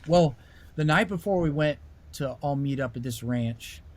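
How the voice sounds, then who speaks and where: A man, a musician being interviewed, telling a story in a lively way and raising his voice sharply when he acts out what people said. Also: on the high side, normal speed. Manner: animated storyteller, voice rises sharply when acting out quoted lines. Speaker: musician guest.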